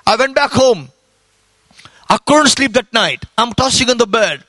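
A man preaching his testimony with fervent, repetitive storytelling and rising exclamations. His voice sits very high and rings bright and forceful. The sound is dry, with hardly any room around it. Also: lively intonation, moderate pace, pauses often, dry recording. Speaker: evangelist giving his testimony. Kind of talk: sermon testimony.

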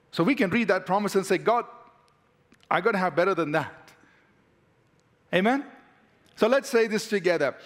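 A pastor preaching a sermon, leading his congregation in repeated declarations with emphatic call-and-response. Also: a little high. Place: church sanctuary.

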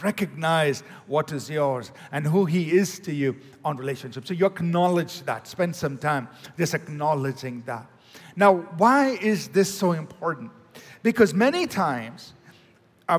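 High-voiced preacher in a reverberant hall. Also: male voice. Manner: swings between loud declaring and hushed prayerful tones; acts out sample prayers in his own voice. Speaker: pastor. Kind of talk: sermon.

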